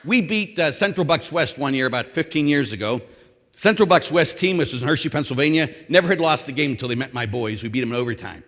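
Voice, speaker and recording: A man, a priest and former coach, preaching a lively sermon and acting out what others say. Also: medium pitch, fast talker. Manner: animated, acts out quotes, shouts at times. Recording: long hall reverb.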